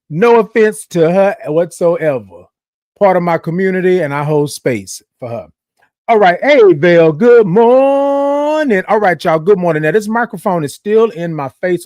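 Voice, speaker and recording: A high-voiced man hosts a morning live stream, bouncing all over his range as he chats playfully with his viewers. He draws his greetings out into long sing-song calls. The sound is close and dry, with no room around him. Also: no room sound. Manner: chatty and playful, talks straight to the audience. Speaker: host.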